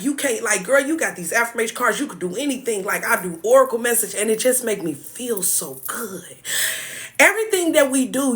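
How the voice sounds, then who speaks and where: Bright-voiced woman chatting on a live stream. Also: on the high side. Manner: lively, thanks viewers by name, mixes scripture with chat. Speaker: mindset coach. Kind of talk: casual live-stream chat.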